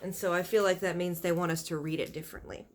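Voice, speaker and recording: A woman's voice: fairly low pitch, fairly even intonation, fast. Chatty woman reading a children's novel aloud. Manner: chatty asides explaining the book. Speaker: reader of a children's book.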